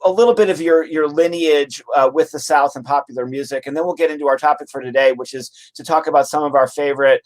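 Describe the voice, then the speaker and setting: A man hosting an interview podcast, asking his guest questions in a casual, halting way with many fillers. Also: on the high side, fairly even intonation. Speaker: podcast host.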